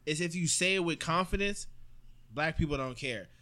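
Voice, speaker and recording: A man's voice: a little high, expressive, normal speed, pushed and bright. A young man with a slightly raised voice, chatting casually among friends. He is provocative and teasing, and he laughs often. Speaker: podcast co-host. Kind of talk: casual chat.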